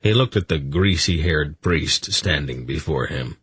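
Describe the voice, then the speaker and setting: A man narrating an audiobook in a slow, measured, dramatic way. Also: rumbling low, lively intonation, a bit bright, slightly rough, no echo. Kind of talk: scripted narration.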